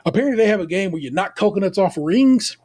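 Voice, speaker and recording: A man's voice: sits high, fast. An American man co-hosting a podcast, recapping a baking show in a playful casual chat full of slang. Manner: animated, playful, Southern-leaning slang like y'all. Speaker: podcast co-host.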